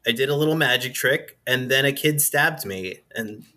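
A man's voice: medium pitch, normal speed, bright, forceful tone. A man playing a tabletop role-playing game, laid-back and casual, with frequent ums. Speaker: player.

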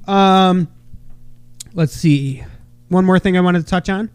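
A man in his thirties hosts a crude comedy podcast in a high, bright-sounding voice. He rambles, swears freely and breaks into loud bursts when quoting people. The sound is close and dry. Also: takes it slowly, clean tone, dry recording. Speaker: podcast host.

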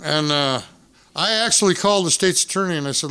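A man's voice: fairly high pitch, brisk, bright, forceful tone, smooth. A man telling a wild story in casual, profane podcast chat.

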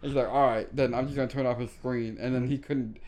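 A man's voice: medium pitch, fairly even intonation, fairly quick, darkish tone. A young man casually chatting as a podcast co-host, rambling and laughing through a profane story. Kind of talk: casual chat.

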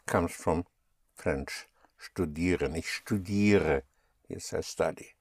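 Slow, patient male German teacher. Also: low voice, no room sound, studio quality. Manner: patient, spells out words and repeats them. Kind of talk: slow language lesson.

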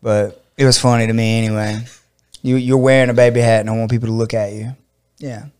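A middle-aged man from Georgia with a drawl tells a story in casual chat. His voice is smooth and clear. He laughs often and slips into high squeaky voices when he quotes people. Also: little pitch movement, fairly quick, a little mellow. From Georgia, USA. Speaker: podcast host and fight coach.

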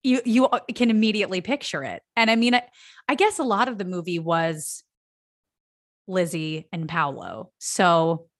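A woman's voice: lowish voice, normal speed. A woman co-hosting a podcast in casual chat, chatty and enthusiastic. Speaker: podcast co-host.

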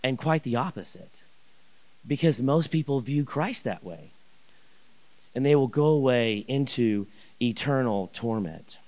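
A man telling a personal story in a sermon, animated and rambling, with many restarts and asides. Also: medium pitch, a little slow. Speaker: pastor.

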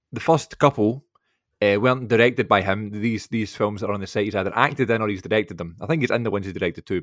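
A man's voice: on the low side, no echo, clean studio sound. A young man co-hosting a film podcast, chatting casually and rambling through stories with plenty of fillers. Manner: rambling storytelling, many fillers and asides. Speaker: podcast co-host.

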